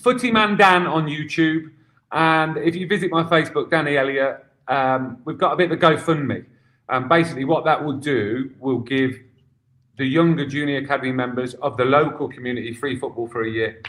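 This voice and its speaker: A man's voice: medium pitch, a little fast, fairly bright tone. A man, a guest football coach, talking in casual chat with a few stammered restarts.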